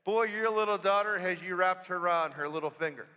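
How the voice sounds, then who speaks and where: A knowing old woman who teases a father, as a priest puts her on in a slightly raised, bright voice. It sounds from a distance in a reverberant church. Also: high-pitched, a little fast, smooth. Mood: teasing. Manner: teasing, knowing remark. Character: chatty elderly lady on a park bench.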